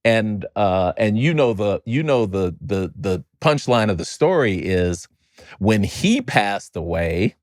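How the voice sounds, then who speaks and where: A middle-aged man from Chicago, a podcast guest, telling a family story in an animated way and often repeating words while he finds his next thought. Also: lowish voice, takes it slowly, dry recording, clean studio sound. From Chicago, United States. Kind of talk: storytelling in a conversational interview.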